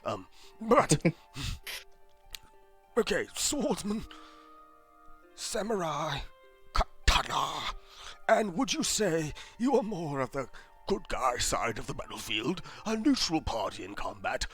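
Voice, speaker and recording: A man's voice: a little high, very animated, slow pace, pauses often, fairly bright tone, slightly rough, faint music behind, pitched above the performer's own voice, full character voice. A man voicing a snooty male bookkeeper to an island emperor who talks down to everyone. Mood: bureaucratic. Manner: condescending, dismissive, fussy.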